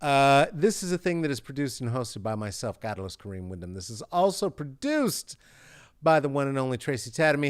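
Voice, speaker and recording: A man's voice: medium pitch, big pitch swings, fairly quick, clear, resonant tone, dry recording, studio quality. A man hosting a podcast, signing off in a rambling, jokey way and swearing often. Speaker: podcast host. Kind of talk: comedic podcast sign-off.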